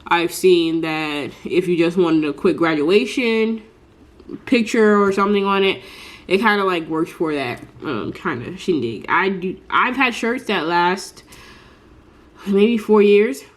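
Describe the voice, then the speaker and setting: A woman's voice: lowish voice, animated, unhurried. A woman with a congested, stuffy voice, explaining a craft technique in a chatty, rambling vlog full of fillers. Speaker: small business crafter. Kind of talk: casual tutorial vlog.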